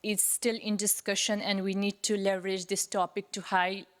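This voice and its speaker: A woman from Pakistan asks a long, earnest question from the floor at a panel, apologetic and full of restarts and pauses. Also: medium pitch, level tone. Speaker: audience member asking a question.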